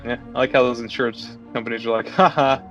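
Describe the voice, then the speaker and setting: A man's voice: medium pitch, racing, dull audio. Laid-back man with light music behind. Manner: laughing, swearing, animated retellings. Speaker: podcast co-host. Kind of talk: casual chat.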